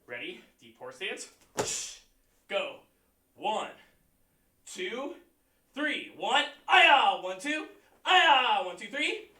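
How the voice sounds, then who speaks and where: A man teaching a martial arts class online, counting out moves, shouting kiai and giving encouraging pep talks. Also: sits high, huge pitch swings, drawn-out words, long pauses, a little hiss or hum. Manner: encouraging, pep-talk delivery. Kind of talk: leading a livestream class. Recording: echoey room, voice far from mic.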